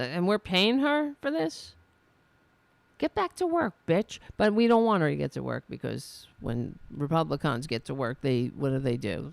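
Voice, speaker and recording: A sarcastic woman hosts a political podcast, mocking and swearing freely. Her gravelly voice swings widely in pitch at an unhurried pace, and the sound is dry and close. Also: no echo. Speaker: podcast host. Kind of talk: political commentary.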